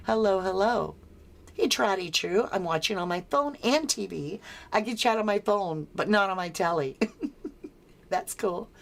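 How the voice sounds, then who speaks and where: An American woman hosting a casual true crime livestream, reading viewer comments aloud and answering them with frequent chuckles. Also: mid-range voice. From United States.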